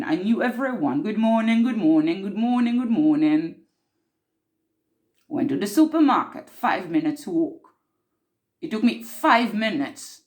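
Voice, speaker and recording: Casting: actress as an earnest woman mystic, low voice with lively swings, intense storyteller. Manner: intense, storytelling, repeats for emphasis. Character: earnest woman mystic recounting time slips. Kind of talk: improvised monologue.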